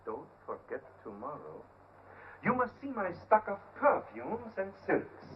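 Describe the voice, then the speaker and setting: An actor playing an ingratiating shopkeeper who coaxes a young woman with soft, smooth talk, in 1930s film acting. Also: high-pitched, huge pitch swings, a little slow, heavily acted. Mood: coaxing. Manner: coaxing, smooth-talking. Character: ingratiating male shopkeeper with a French shop name. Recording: tinny 1930s film soundtrack with hiss.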